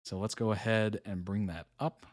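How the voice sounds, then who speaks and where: A man's voice: fairly low pitch, fairly even intonation, moderate pace. A man hosting a live reaction video, reading on-screen text aloud and chatting casually about it.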